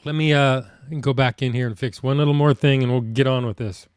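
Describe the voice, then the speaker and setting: A man's voice: medium pitch, fairly even intonation, a little fast, clean tone. A man hosting a live stream, chatting casually with viewers and muttering to himself while fixing his audio.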